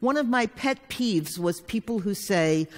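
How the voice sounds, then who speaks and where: A woman's voice: medium pitch, lively intonation, a little slow. A woman therapist telling a personal story to a live audience, frank and plainspoken, now and then swearing. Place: conference hall. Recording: long hall reverb.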